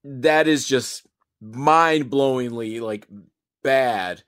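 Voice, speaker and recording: A man's voice: medium pitch, drawn-out words, a bit bright. A man giving a casual, comedic movie recap, rambling and sarcastic with some swearing. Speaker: movie reviewer.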